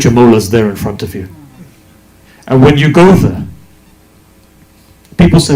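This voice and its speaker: Male preacher giving an emphatic sermon; mellow, relaxed voice in a roomy space. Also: mid-range voice, unhurried, long pauses. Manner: emphatic, with rhetorical questions. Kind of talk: religious sermon. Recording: echoey hall.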